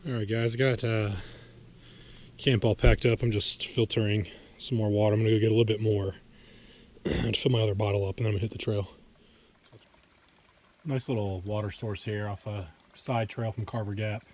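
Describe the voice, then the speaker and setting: Laid-back low-voiced man on a trail. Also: moderate pace, pauses often, a little hiss or hum. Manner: relaxed, rambling with fillers. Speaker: backpacking vlogger. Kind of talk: casual trail vlog. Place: outdoors in the woods on a trail.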